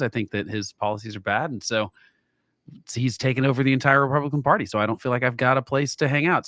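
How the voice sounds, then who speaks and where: A man's voice: a little high, fairly bright tone, dry recording, studio quality. A man who is a regular co-host on a political talk show, blunt and opinionated.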